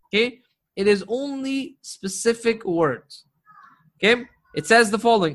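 In a classroom lecture on Arabic grammar, a man explains terms in English and checks in with his students again and again, quizzing them with frequent "right?" and "correct?" He recites Quranic verses quickly in Arabic. His voice is very high, expressive, and a bit bright.

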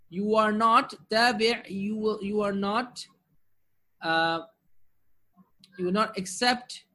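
A man with a fairly high voice teaches Arabic grammar online. He explains patiently and keeps asking his class rhetorical questions. He recites Quranic verses fluently between his English explanations. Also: fairly bright tone. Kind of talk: online lesson with shared screen.

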